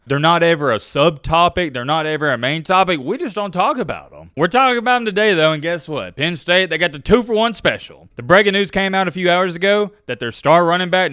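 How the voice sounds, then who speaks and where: A man giving casual, joking sports commentary to his viewers, swinging between loud outbursts and quiet asides. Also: on the high side, clean tone, no echo, studio quality.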